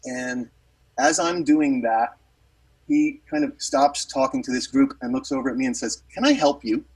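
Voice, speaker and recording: A man's voice: mid-range voice, steady tone, moderate pace, darkish tone, husky, recorded from a distance, low-quality recording. A man, a musician, telling a rambling story in casual chat with lots of fillers and restarts.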